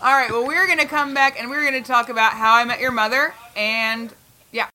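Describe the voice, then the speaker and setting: A woman's voice: on the high side, fairly even intonation, a little fast, bright, forceful tone. A woman hosting a podcast in casual chat, joking, laughing often and swearing freely. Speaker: podcast host.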